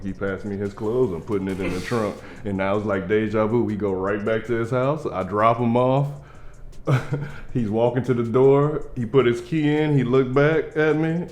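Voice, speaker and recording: Young man telling a comedic story. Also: on the low side. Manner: animated, acts out quoted lines in different voices.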